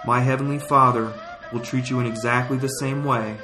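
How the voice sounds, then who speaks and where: A man reading scripture and prayers as a liturgical reader, in solemn, measured phrases. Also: medium pitch, steady tone. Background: flute music.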